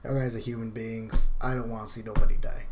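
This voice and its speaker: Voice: mid-range voice, level tone, quick pace, over loud music. Exasperated vlogger ranting. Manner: profane and exasperated, swinging between loud outbursts and muttered asides, heavy sighs. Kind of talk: ranting vlog.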